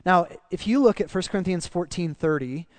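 Man, pastor, sermon, animated delivery, quiet emphatic drops, higher-pitched, dry sound. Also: a little fast, dry recording.

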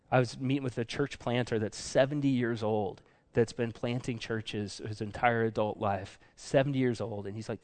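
A man delivers a sermon in a loose, conversational way, circling back and correcting himself as he talks. His voice sits at an ordinary middle pitch, and he jumps up high when he acts out what other people say. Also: steady tone, moderate pace, darkish tone. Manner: casual, chatty, full of fillers and self-corrections. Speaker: pastor.

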